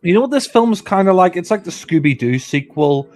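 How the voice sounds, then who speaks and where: A man's voice: high-pitched, expressive, brisk, a little mellow. A man doing casual film commentary, blunt and offhand, often restarting sentences.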